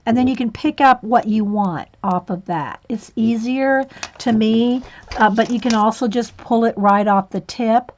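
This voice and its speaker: A woman's voice: a little high, measured pace, a little mellow, dull audio, slight background noise. Giggly, chatty woman teaching coloring. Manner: chatty, giggly, with frequent fillers. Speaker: coloring channel host. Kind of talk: casual livestream tutorial.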